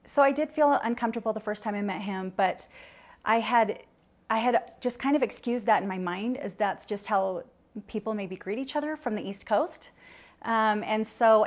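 A young woman answering interview questions, hesitant and full of restarts, at times close to tears. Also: medium pitch. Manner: hesitant, many ums and restarts, gets teary.

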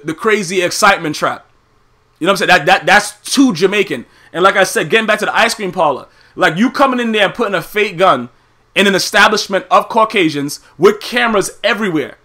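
A man hosting a podcast, animated and profane in a casual rant, who keeps asking "you know what I'm saying". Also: sits high. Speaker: podcast host.

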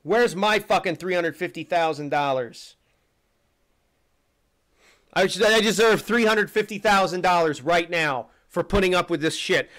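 A man with a high-pitched voice fires off a foul-mouthed rant during a live stream. He swings between sarcastic asides and shouted outrage, and keeps the swearing constant throughout. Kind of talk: angry live-stream commentary.

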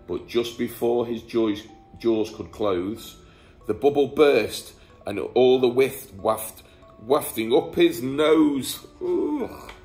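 A man's voice: medium pitch, slow pace, a little mellow, faint music behind. A man, a teacher, reading a rhyming bedtime story aloud in a playful storytelling manner. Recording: echoey room.

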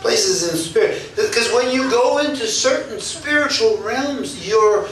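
A man's voice: very high-pitched, lively intonation, measured pace, a bit bright, slight background noise. A male pastor preaching and telling stories with animation, often laughing as he speaks. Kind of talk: sermon with personal storytelling. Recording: echoey church hall, mic at a distance.

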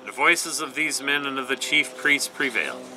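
A man leading a night prayer service, giving a measured, even scripture reading. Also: medium pitch, over music, poor audio.

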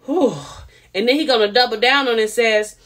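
A woman's voice: on the high side, fairly quick, a bit bright. A woman reviewing a TV show in a casual, blunt and opinionated way, talking straight to her viewers. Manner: chatty, addresses viewers directly.

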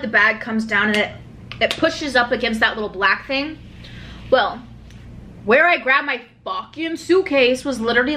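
A woman vlogger telling a story in a chatty, animated way, with lots of swearing and fillers, talking in a hotel room. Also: a little high, slight background noise. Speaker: mukbang vlogger. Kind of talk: casual storytelling vlog.

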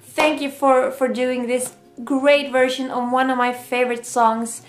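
A woman's voice: high voice, little pitch movement, unhurried, faint music behind. A woman from Sweden, hosting a casual reaction vlog and gushing with emotion. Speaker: YouTube reaction host. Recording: roomy echo.

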